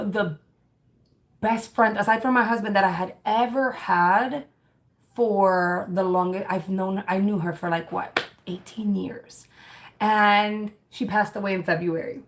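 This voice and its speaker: A woman in her thirties hosting a livestream, chatting candidly and reading viewer comments, rambling with many fillers and restarts. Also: medium pitch. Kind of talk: casual chat.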